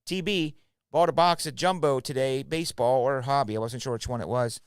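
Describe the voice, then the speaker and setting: Middle-aged man, rambling card-break host, smooth clear voice, dry close sound. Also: medium pitch, fairly even intonation, brisk, dry recording. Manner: chatty, rambling, talks to viewers by name. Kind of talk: casual live stream chat.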